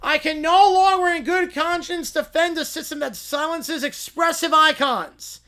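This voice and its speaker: A theatrical defense lawyer, put on by a man with a raised, loud voice. He speaks in grand, overwrought declarations. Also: very high-pitched, unhurried, pitched above the performer's own voice, full character voice. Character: dramatic male defense lawyer switching sides.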